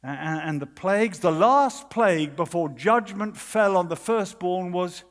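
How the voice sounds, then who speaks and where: This sermon comes from a British man whose voice is high for a man, earnest and dramatic, with pauses that fall to a hush. The big conference hall adds a long reverb.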